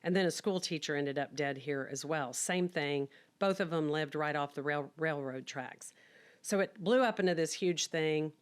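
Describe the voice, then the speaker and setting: A woman's voice: low-pitched, normal speed, clear, resonant tone. A middle-aged woman frankly telling her personal story in a chatty, candid way, acting out bits of dialogue. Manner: frank and chatty, acts out quoted dialogue with laughs. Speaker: podcast guest telling her life story.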